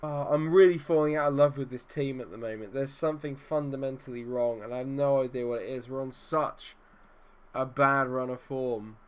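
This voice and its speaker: A man's voice: medium pitch, normal speed, clear, resonant tone. A man hosting his own gaming channel, giving live commentary over a management game in an exasperated, self-deprecating, rambling way.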